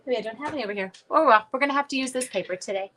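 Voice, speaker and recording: Bright-voiced chatty woman craft host. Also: high-pitched, very fast, a little hiss or hum. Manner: chatty, greets viewers by name, self-correcting. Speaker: stamping class host. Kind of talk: live-streamed craft class chat. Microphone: phone.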